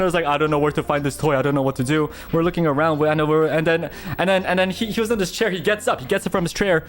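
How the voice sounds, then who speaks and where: A young male streamer tells a story in casual chat, speaking fast in a voice on the high side. He's animated, restarts with stammers, and laughs frequently.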